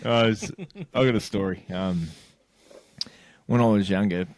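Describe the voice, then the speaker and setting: A man's voice: lowish voice, steady tone, unhurried. A young man, a podcast co-host, telling a crude story in casual chat and acting out the lines of the people in it. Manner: crude, laughing, acts out quotes in a story.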